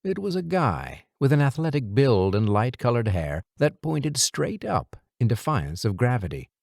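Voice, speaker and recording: Expressive, gravelly male audiobook narrator. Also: medium pitch, moderate pace, no room sound, studio quality. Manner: lively, expressive storytelling. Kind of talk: scripted narration.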